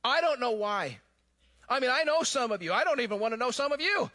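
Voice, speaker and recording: High, bright-voiced male pastor preaching. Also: a little fast. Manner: animated storytelling, swings from loud emphasis to hushed low tones. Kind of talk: sermon.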